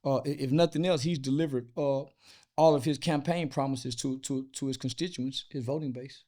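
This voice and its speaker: A man's voice: medium pitch, steady tone, normal speed, mellow. A man from the United States, an interview guest, talking bluntly and crudely with lots of fillers and restarts. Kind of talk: casual interview talk.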